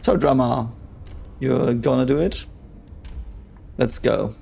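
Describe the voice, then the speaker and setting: Gravelly excitable young man, swearing freely. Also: mid-range voice, slow. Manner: excitable, swears a lot, talks over the show. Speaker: reaction video host. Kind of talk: casual reaction commentary.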